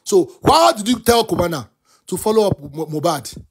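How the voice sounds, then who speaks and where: A man with a Nigerian accent hosts a talk show and gives animated commentary. He is impassioned, mixes English and Yoruba, and keeps breaking into shouts. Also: high voice, moderate pace, breathy edge. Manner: impassioned, switches between English and Yoruba, often bursts into shouts.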